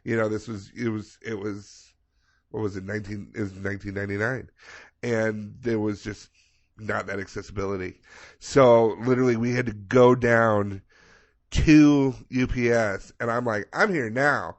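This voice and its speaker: A man with a fairly low voice spins a long anecdote in casual podcast chat. He is animated and profane, and he slips into brief voices for the people he quotes. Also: normal speed. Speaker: podcast co-host.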